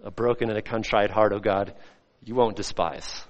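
A male pastor preaching a sermon, swinging between loud, rising emphasis and soft, hushed lines. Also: lowish voice, steady tone, moderate pace, dull audio. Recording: long hall reverb.

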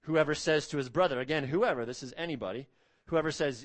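A man preaching a sermon as pastor, speaking emphatically, rising on key words and dropping low and quiet on solemn points. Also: animated, brisk, no echo.

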